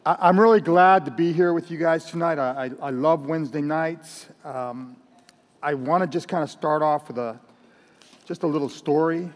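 A man preaching at an evening church service, talking loudly and telling jokes in a chatty, laughing way. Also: a little high, moderate pace, big-room sound. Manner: loud, chatty, laughing storyteller. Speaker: pastor. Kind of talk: sermon with jokes.

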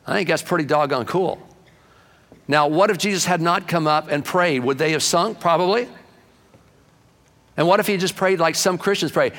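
A man's voice: fairly high pitch, brisk, fairly bright tone, big-room sound. Folksy older male preacher. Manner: folksy storytelling, building to fervent preaching. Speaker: pastor. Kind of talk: sermon.

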